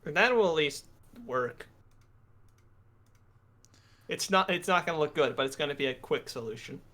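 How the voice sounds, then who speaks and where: A man's voice: a little high, expressive, normal speed, pushed and bright, slight background noise. A man streamer chatting casually in a dry, teasing way. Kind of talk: casual chat.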